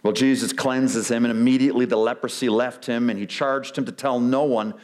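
A male pastor preaching a sermon, animated, acting out quoted excuses with big swings in his voice. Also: mid-range voice, brisk. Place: church sanctuary.

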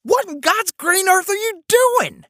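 A man's voice: very high-pitched, wildly swooping pitch, brisk, sharp tone, no room sound, clean studio sound, voice pushed up, exaggerated voice. A man voicing a fed-up older wife who snaps back and hollers at her husband. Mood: indignant hollering. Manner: hollering, snapping.

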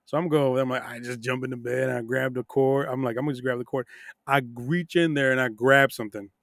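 A man's voice: medium pitch, steady tone, fairly quick, vocal fry, fairly bright tone, dry recording, studio quality. A man co-hosting a podcast, laughing and cursing as he tells stories in casual chat. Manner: laughing, profane, storytelling. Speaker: podcast co-host.

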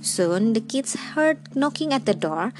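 A woman storyteller reading a fairy tale aloud in a gentle, measured way. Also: fairly high pitch, lively intonation.

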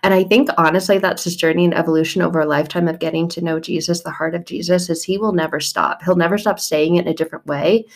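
A woman's voice: on the low side, fairly even intonation, fast, few pauses. A woman in her thirties giving a casual devotional talk, bubbly and chatty, often breaking into laughter. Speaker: faith vlogger.

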